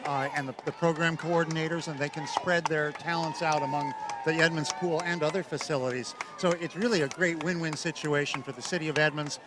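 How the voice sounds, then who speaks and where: A man's voice: a little high, fairly even intonation, a little fast, hardly any pauses. A man giving live commentary on a street parade outdoors, reacting eagerly to what passes. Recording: noisy outdoor street recording.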